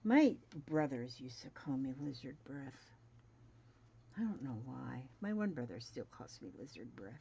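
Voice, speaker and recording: Slow, low-voiced woman in her seventies. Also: big pitch swings, gravelly, warm tone, slightly rough. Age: 70s. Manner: chatty, mutters to herself while working. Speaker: crafting vlogger. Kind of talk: casual sewing demonstration. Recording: dull lo-fi home recording, faint noise.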